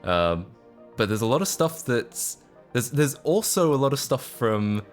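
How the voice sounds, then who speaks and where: A streamer in his twenties from Australia chats casually on a livestream, rambling with plenty of fillers and restarts. His mid-range voice has a sing-song lilt and a measured pace, and his accent blends Australian, British and North American. Soft music plays in the background.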